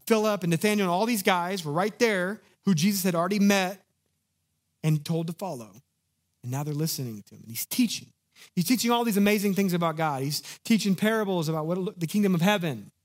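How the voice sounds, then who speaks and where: A man preaching a sermon in an animated, conversational way, acting out the lines of the people in his story. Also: high-pitched. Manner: animated, conversational, acts out quotes. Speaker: pastor.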